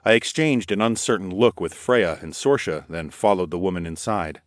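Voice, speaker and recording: A man reading an audiobook in first person with a steady, expressive delivery. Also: low voice, normal speed, no room sound, clean studio sound. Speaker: audiobook narrator. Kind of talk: scripted narration.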